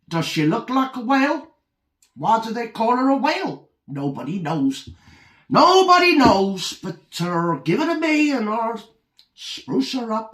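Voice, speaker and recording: A man's voice: high-pitched, roomy sound. A man playing a vain, self-pitying male make-up artist in a satirical monologue, speaking in a camp, rambling put-on drawl that slips in and out.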